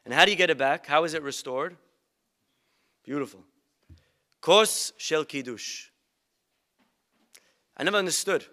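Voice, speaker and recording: A man's voice: fairly high pitch, expressive, measured pace, pauses often, bright, forceful tone. A male rabbi giving a humorous sermon with stories and rhetorical questions to his congregation. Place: synagogue event.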